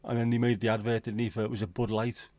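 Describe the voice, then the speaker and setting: A man's voice: medium pitch, little pitch movement, fast, warm tone, no room sound. A middle-aged man hosting a livestream, rambling through jokey pub-style banter while reading out chat. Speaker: livestream host. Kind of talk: casual chat reading viewer comments.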